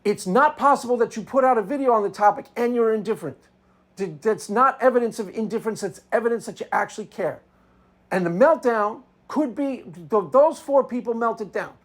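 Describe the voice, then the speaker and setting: A man's voice: extremely high pitch, a little fast. Male video commentator, unscripted monologue, sarcastic and combative, hammers each point twice.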